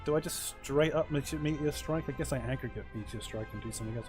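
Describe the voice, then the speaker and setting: A man's voice: mid-range voice, brisk. A man hosting a let's play, commenting casually on his moves with wry, self-deprecating asides as he thinks aloud. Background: faint game music.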